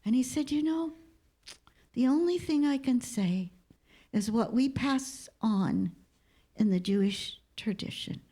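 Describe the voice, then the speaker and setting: A woman's voice: on the high side, lively intonation, husky. A woman minister giving a heartfelt sermon and telling a story, sometimes dropping to a whisper. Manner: slow, heartfelt storytelling with hushed, whispered moments. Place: church sanctuary.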